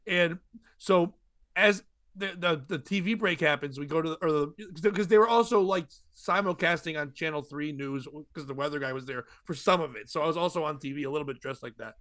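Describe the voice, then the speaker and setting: A man's voice: on the high side, fairly quick, no echo. A man hosting a podcast, telling a long comic story and acting out the voices of the people in it. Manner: animated, acts out quoted voices. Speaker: podcast host and comedian. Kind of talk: storytelling chat.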